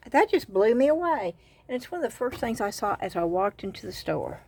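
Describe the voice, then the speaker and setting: A woman with a Southern US accent chatting casually about craft finds, excited about bargains and rambling into little asides. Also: on the high side, brisk, gravelly, husky. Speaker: craft vlogger. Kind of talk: casual haul and craft chat.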